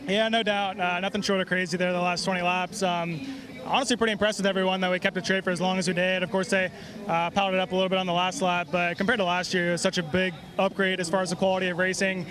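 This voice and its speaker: A man, a race driver, giving a quick, matter-of-fact post-race interview. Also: high voice, little pitch movement. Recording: crowd noise behind.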